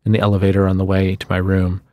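A man reading a literary short story aloud in a measured storytelling manner, on a studio microphone. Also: deep voice, completely flat delivery, dark tone, no room sound. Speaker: guest reader.

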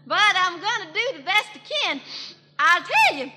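A woman playing a chatty, excitable young country gossip gal with a rural Southern US accent, rambling through a folksy 1940s radio comedy monologue in a hollering twang with giggles. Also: very high voice, a little slow, noisy background, full character voice. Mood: gossipy. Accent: Southern US, rural Tennessee. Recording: 1940s radio broadcast, long hall reverb.

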